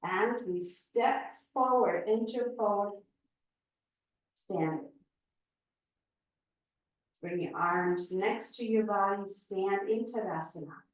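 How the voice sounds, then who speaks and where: A woman yoga instructor giving slow, calm spoken cues through a class. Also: medium pitch, recorded from a distance. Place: yoga studio. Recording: echoey room, voice from afar.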